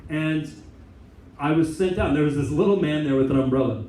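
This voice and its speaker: An American man, a Catholic priest and chaplain, giving an informal talk to a student group and telling stories with lively asides. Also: on the high side, a little fast, slight background noise. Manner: animated storytelling with many asides and laughs. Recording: echoey room, mic at a distance.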